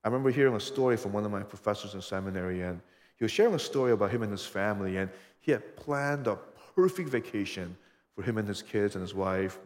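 A man preaching a sermon as pastor, earnest and emphatic, often pausing for rhetorical questions. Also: lowish voice, expressive, a little mellow, big-room sound.

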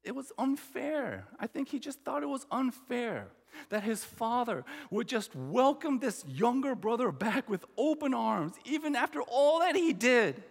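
A man's voice: extremely high pitch, very animated, unhurried, creaky, long reverb tail. A man preaching a sermon, emphatic, acting out the quoted lines. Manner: emphatic, acts out the quoted brother. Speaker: pastor.

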